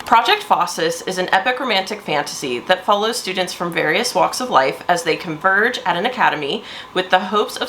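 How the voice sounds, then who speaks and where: A woman chats through a casual writing vlog from her home, talking expressively with a lively, swinging pitch. Her voice sits fairly low yet sounds bright and crisp. A faint hum of background noise runs underneath. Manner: chatty and expressive. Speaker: author vlogger.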